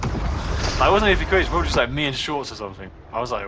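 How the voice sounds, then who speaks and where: Young man in his twenties, rambling party-chat story, mid-pitched voice, headset mic, clear background noise. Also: expressive, racing. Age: 20s. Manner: rambling storytelling full of "like" and swearing. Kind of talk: casual chat. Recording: noisy background ambience.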